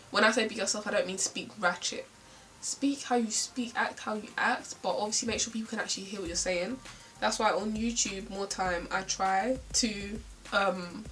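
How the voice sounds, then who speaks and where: A young woman from South London, with the accent to match, rants casually in a get-ready-with-me beauty vlog, full of slang and "like." Her voice is medium-pitched and a bit bright. She sits far from the mic, and the audio is poor.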